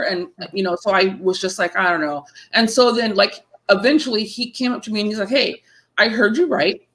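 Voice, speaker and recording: On a rough recording, a woman in her thirties with a medium-pitched voice, a horror writer, shares stories in a relaxed interview. She is an animated storyteller who performs the voices of those she quotes.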